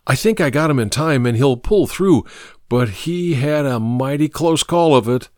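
A man voicing a kindly, burly doctor who speaks earnestly and gently. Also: medium pitch, animated, moderate pace, no room sound, clean studio sound, voice pushed up, close to an everyday voice. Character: kindly burly doctor, grave and warm-hearted.

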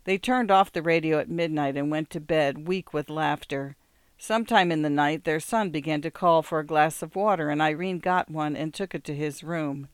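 A calm audiobook narrator with a smooth, polished voice and a steady, measured delivery. The recording is close and dry, with no room sound. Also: medium pitch, dry recording.

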